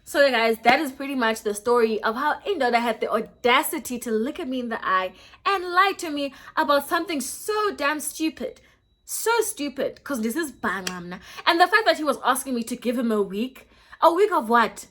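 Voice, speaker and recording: A young South African woman in her twenties, telling a story in a casual vlog, lively and switching between English and Xhosa. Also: high-pitched, normal speed. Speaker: YouTuber.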